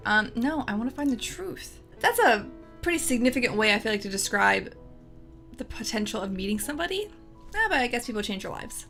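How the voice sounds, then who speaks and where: A woman's voice: a little high, big pitch swings, a little fast, vocal fry, fairly bright tone, soft background music. A young woman hosting a let's play, reading game text and giving chatty, sarcastic commentary. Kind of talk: casual gameplay commentary.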